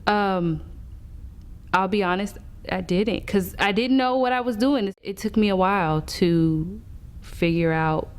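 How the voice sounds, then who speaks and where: A woman's voice: mid-range voice, unhurried, clear, resonant tone. A mother speaking candidly and reflectively in an interview.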